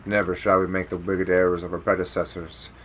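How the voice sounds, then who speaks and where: A man reading as a grave, deep lore narrator. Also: level tone, a little hiss or hum, natural voice. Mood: solemn. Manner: slow, grave read-aloud narration. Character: solemn male narrator of game lore. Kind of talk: reading game text aloud.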